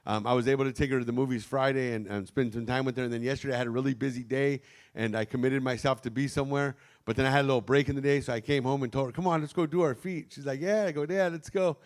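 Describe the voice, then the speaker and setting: Chatty pastor in a roomy church. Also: male voice, medium pitch, steady tone, quick pace. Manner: chatty, warm storytelling with frequent "um" and "amen". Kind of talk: casual sermon talk to a congregation. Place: church sanctuary, livestreamed. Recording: roomy church sanctuary sound.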